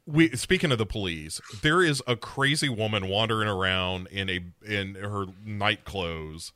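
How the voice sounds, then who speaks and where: A man co-hosting a casual movie recap podcast, telling the story with quick silly character voices. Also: lowish voice, bright, forceful tone, dry recording, studio quality. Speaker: podcast co-host.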